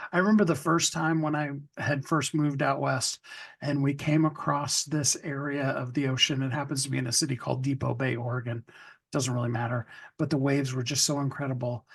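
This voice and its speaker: A man hosting an interview podcast, relaxed and reflective as he asks his guest questions. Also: medium pitch, vocal fry, husky. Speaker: podcast host. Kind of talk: casual interview talk.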